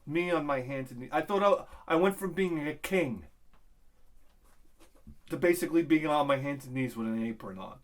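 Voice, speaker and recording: A man's voice: fairly high pitch, lively intonation, normal speed. A middle-aged man hosting a vlog, telling a crude, rambling comic story with many restarts. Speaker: vlog host.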